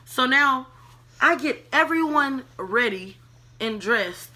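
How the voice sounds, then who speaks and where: Woman, bright clear tone, casual storytime vlog, animated, swearing, talks to viewers as y'all. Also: high-pitched, takes it slowly. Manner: animated, swings into whispers when quoting herself; profane, chatty, addresses viewers as y'all. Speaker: vlogger telling a story.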